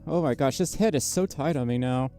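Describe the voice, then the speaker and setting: A tired livestreamer chatting casually with viewers, speaking quietly and haltingly, with lots of fillers and a microphone right up against the mouth inside a costume head. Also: soft background music. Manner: quiet, low-energy, halting with many fillers. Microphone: microphone very close to the mouth inside a costume head.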